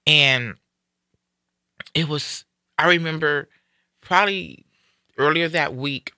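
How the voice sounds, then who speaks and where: A man's voice: a little high, slow, clear, resonant tone, no room sound, clean studio sound. A man hosting a live stream, telling a personal story in an earnest, reflective way and acting out what others said. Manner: earnest, reflective, animated when quoting others.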